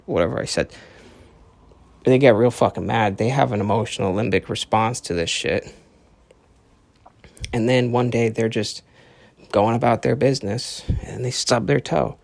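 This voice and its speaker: Here a podcast host delivers a casual solo monologue, cursing freely, rambling, and performing the voices he quotes. He speaks at medium pitch and moderate pace with vocal fry and long pauses, and there's no echo.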